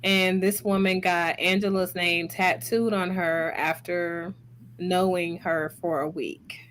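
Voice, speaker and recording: Woman host with a low, deliberate voice. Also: flat delivery, fairly bright tone, a little hiss or hum. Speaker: host and clinician. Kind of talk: commentary on social media clips.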